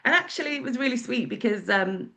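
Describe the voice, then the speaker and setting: A woman's voice: on the high side, animated, quick pace, vocal fry, sharp tone. Chatty Englishwoman telling her story. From England. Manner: chatty, candid, with acted-out quotes. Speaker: guest speaker. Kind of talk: personal storytelling.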